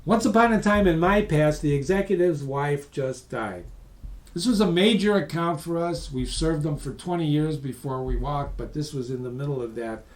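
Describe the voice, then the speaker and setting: A man presenting a webinar as a lively, emphatic storyteller who speaks straight to his audience. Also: on the high side, normal speed, roomy sound. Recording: voice distant from the mic.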